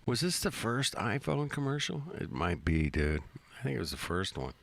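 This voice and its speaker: A man's voice: fairly low pitch, big pitch swings, normal speed, gravelly, a bit bright. A man hosting a stream, giving laid-back, slangy reaction commentary and talking back to the clips he plays.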